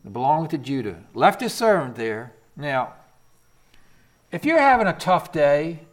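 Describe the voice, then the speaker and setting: Pitched fairly high, a man preaches to his congregation, challenging them with rhetorical questions. His delivery rises to loud, emphatic climaxes and drops to hushed whispers.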